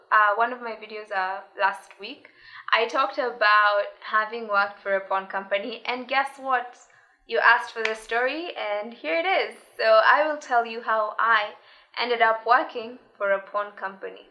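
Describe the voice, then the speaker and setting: A young woman with a bright, slightly high voice tells a personal story to her viewers. Her delivery is casual and lively, with frequent laughs and playful impressions of the people she quotes. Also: moderate pace, muffled recording. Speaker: vlogger.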